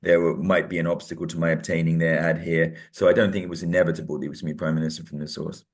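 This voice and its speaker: Very deep-voiced animated male teacher. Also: rapid-fire. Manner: animated, laughs often, acts out students' lines. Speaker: history teacher. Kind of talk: casual revision discussion.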